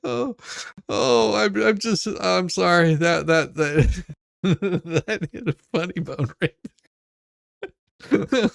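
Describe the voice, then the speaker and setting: A woman with a gravelly voice reacts very slowly in a casual chat, laughing often. Her pitch swings widely, and the sound is dry and close. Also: dry recording.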